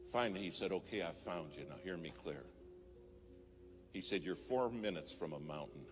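A man's voice: sits low, animated, normal speed. A man preaching a sermon, telling a story and rising to fervent emphasis. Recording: music playing behind.

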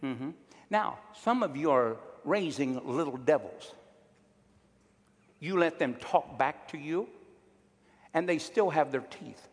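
A man's voice: on the high side, animated, slow pace, pauses often, big-room sound. A male pastor preaching a sermon, emphatic and drawing call-and-response from his congregation.

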